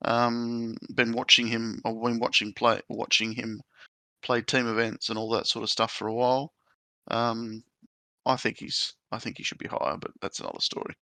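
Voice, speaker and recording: An Australian man with a bright, forceful tone co-hosts a laid-back podcast chat. He talks in an easygoing way and pauses on ums. The sound is close and dry, with no room around it. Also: medium pitch, flat delivery, dry recording. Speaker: podcast co-host. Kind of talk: casual chat.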